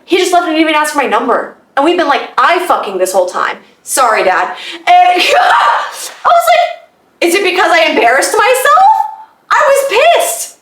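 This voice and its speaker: A young woman with a fairly high voice tells a personal story in a loose, chatty podcast style, swearing freely and laughing out loud. She sits a bit back from the mic, and the room around her echoes. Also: recorded from a distance. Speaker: podcast host. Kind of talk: casual storytelling.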